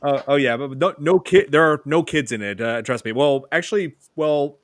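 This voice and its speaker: A man's voice: a little high, normal speed, no room sound, studio quality. A man hosting a podcast, talking casually about horror films with lots of fillers and restarts. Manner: relaxed, many fillers and restarts. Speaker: podcast host.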